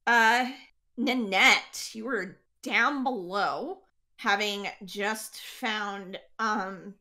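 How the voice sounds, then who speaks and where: Slow bright-voiced woman game master. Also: mid-range voice. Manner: unhurried, hesitant with many fillers. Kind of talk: narrating a tabletop game.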